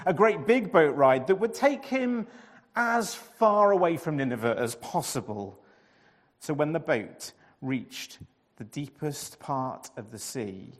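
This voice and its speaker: A man telling a storybook tale in a sing-song way, repeating phrases with dramatic pauses. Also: mid-range voice, long reverb tail. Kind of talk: expressive storybook narration.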